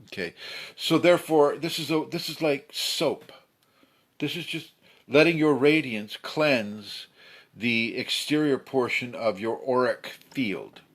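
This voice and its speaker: A man giving a casual spiritual talk, slightly hoarse, who acts out angry people with sudden shouts. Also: medium pitch, slow. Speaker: spiritual teacher. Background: a pet bird fluttering.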